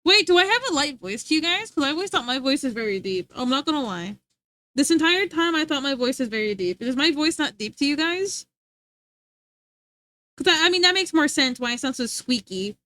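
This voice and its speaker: A woman's voice: sits high, expressive, fairly quick, bright, forceful tone. A young woman streaming live, chatting casually with her viewers, giggling and rambling as she reads the chat.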